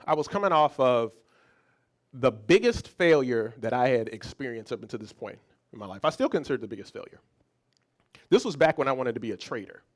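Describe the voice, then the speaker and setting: A man who is a psychologist, giving a motivational talk as a lively story, often restarting and repeating words. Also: mid-range voice, fairly quick. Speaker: psychologist and speaker.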